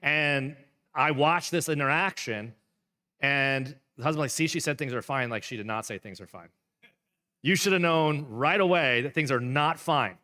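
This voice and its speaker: A man's voice: on the high side, lively intonation, unhurried, sharp tone, big-room sound. A man, a pastor, reading a book aloud and explaining it in a casual, rambling way with playful asides. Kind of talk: live book reading with commentary.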